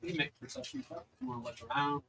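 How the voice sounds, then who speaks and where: A man's voice: fairly high pitch, wildly swooping pitch, very fast, creaky, pushed and bright, slight background noise, rough recording. A young man narrating as dungeon master, rambling with many fillers. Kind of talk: narrating a tabletop game.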